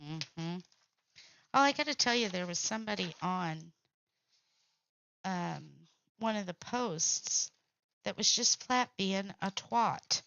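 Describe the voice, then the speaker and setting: Gravelly woman chatting while crafting. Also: medium pitch, lively intonation, takes it slowly, pauses often, bright, forceful tone, no room sound. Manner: blunt, salty, laughs often. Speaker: crafting channel host. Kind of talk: casual craft livestream chat. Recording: dull lo-fi sound.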